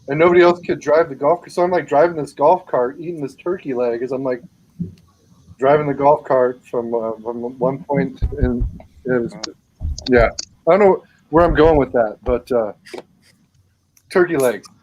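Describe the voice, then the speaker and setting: A man's voice: mid-range voice, moderate pace, darkish tone, dull audio. A man telling rambling, profane anecdotes in a casual chat between friends. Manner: swears a lot, rambling anecdotes.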